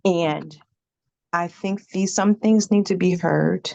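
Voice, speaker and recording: A woman in her fifties, a childcare provider, slowly and hesitantly sharing her family history during an online workshop on a video call. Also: fairly low pitch, creaky, a little mellow, no room sound, dull audio. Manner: slow, hesitant, reflective.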